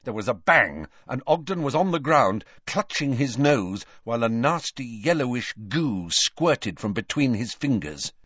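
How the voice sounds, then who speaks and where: A man narrating a story in a measured storytelling manner, in a dull, dry recording. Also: medium pitch, very animated, fairly bright tone, breathy edge, no room sound. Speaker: audiobook narrator. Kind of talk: scripted narration.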